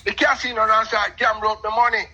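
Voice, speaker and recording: A middle-aged Jamaican man telling a long personal story in patois, animated and talkative, calling in to a show. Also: high voice, fast, poor audio. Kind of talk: casual storytelling on a call-in show.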